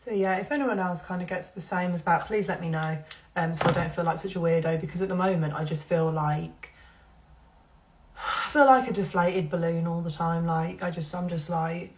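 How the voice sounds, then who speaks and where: A woman's voice: fairly low pitch, moderate pace, a little hiss or hum. A young woman chatting candidly while doing her makeup, rambling openly about her feelings and laughing between thoughts. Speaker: social media creator. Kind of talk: confessional get-ready-with-me chat.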